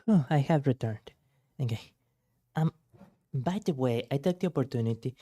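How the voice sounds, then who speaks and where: A man streaming as a VTuber, reacting to clips in a soft-spoken, somewhat formal way. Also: medium pitch, animated, moderate pace, no echo, studio quality.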